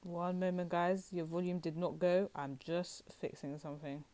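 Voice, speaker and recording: Young female tarot reader, deep-pitched, loose and rambling, direct to camera. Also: steady tone, normal speed, warm tone. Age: young adult. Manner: chatty, rambling, addresses viewers as guys. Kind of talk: casual tarot reading to camera.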